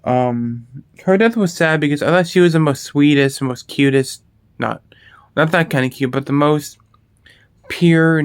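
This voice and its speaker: Casual rambling man with a smooth voice. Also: mid-range voice, dry recording. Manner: rambling, swears freely, frequent restarts and fillers. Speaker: video host. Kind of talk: casual horror movie talk.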